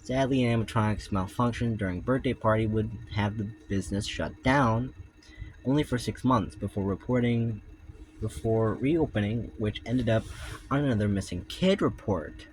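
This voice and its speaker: A man's voice: fairly low pitch, normal speed, slight background noise, poor audio. A young man reading his own fan-fiction book aloud in a casual manner, stumbling and correcting himself as he goes. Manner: informal, with restarts and self-corrections. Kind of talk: casual read-aloud narration.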